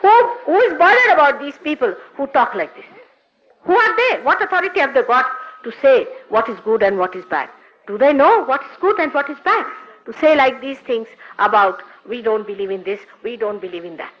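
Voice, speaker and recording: A woman's voice: high-pitched, big pitch swings, moderate pace, a bit bright. An older woman, a spiritual teacher, giving a recorded talk with emphatic, scolding rhetorical questions. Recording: dull lo-fi archive recording.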